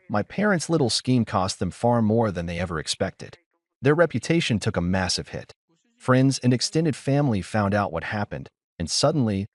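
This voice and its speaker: A man narrating a dramatic first-person story in a cool, measured, dryly triumphant way. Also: on the low side, a little mellow, dry recording.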